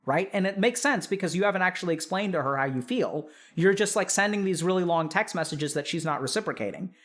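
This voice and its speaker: A man hosting a stream, calmly explaining to his audience step by step, with frequent "like" and "right?" checks. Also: sits high, fast. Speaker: psychiatrist host reviewing reader posts.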